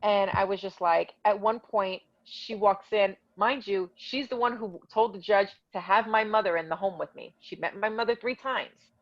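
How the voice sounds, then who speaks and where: A woman's voice: mid-range voice, moderate pace, few pauses, no echo, dull audio. A woman telling her own story in a casual interview, heated and indignant as she recounts dialogue.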